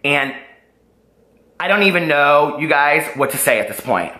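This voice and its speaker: Agitated man ranting in a bright voice. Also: a little high, animated, measured pace, roomy sound. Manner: upset, agitated, rambling with restarts. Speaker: YouTuber responding to allegations. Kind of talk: emotional vlog rant.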